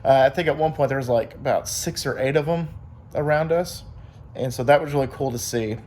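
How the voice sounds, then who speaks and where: A man's voice: mid-range voice, brisk, darkish tone, a little hiss or hum. A young man casually vlogging to his viewers, rambling through a story with many fillers. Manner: rambling, upbeat, lots of fillers and quoted voices.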